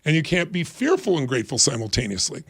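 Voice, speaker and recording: A man's voice: on the high side, fast, slightly rough, no echo, clean studio sound. A man in his sixties, a guest on a talk show, explaining ideas energetically and emphatically. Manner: energetic, emphatic, acts out quoted voices. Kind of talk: motivational interview talk.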